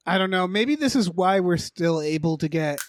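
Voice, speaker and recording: A man's voice: high voice, lively intonation, normal speed, dry recording. A man co-hosting a podcast, musing hesitantly about movies with frequent stammers. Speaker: podcast co-host. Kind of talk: casual movie chat.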